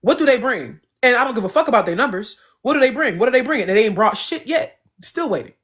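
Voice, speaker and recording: A woman's voice: fairly high pitch, quick pace. A woman hosting a casual chat, telling a story with mocking quoted voices. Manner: animated storytelling, mocking quotes, frequent laughter. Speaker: podcast host.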